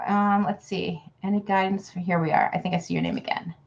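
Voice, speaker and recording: A woman gives casual card readings to her livestream viewers, chatting freely and calling everyone hun. Her voice sits low for a woman. The recording sounds dull and lo-fi, like a simple computer mic. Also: level tone, brisk, gravelly. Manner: chatty, calls people hun. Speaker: card reader.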